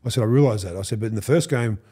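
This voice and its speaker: Australian man, fifties, storytelling podcast guest, animated, acts out quotes, casual swearing. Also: mid-range voice, rapid-fire, slightly rough. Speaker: podcast guest, former rugby league player.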